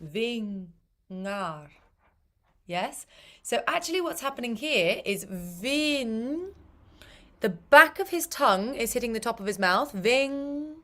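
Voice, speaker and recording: A woman's voice: fairly high pitch, big pitch swings, slow pace, a bit bright. A woman coaching a choir on pronunciation, patiently repeating and demonstrating each sound. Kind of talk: language coaching for singers.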